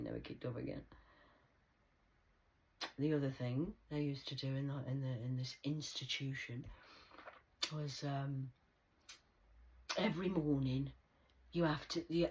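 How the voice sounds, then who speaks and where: A woman who used to be a support worker, telling a work story in a lively, profane way. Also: rumbling low, unhurried, pauses often. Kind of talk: storytime vlog.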